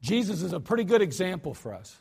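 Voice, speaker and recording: A man preaching a sermon as pastor, talking conversationally and dropping to quiet spoken lines before sudden shouted demonstrations. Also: high-pitched, very animated, fast, creaky, slightly rough. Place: church sanctuary.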